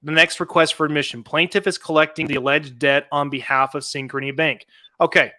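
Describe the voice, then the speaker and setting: A man hosting a casual podcast talk about a legal case, animated and laughing often, with many restarts. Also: fairly high pitch, fairly quick, dry recording, studio quality. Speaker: podcast host.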